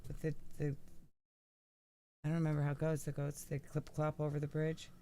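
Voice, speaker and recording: Brief: tipsy, worn-out woman, gravelly fry, rambling host, faint noise behind. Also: low voice, monotone, fairly quick, mellow. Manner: rambling, storytelling. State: tired and tipsy. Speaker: stream co-host. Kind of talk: casual late-night chat.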